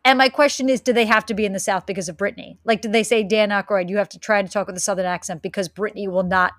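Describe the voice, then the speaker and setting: A woman's voice: mid-range voice, steady tone, fast talker, no room sound, studio quality. A woman co-hosting a podcast, chatting casually about a movie and asking lots of questions. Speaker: podcast co-host. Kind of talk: casual chat.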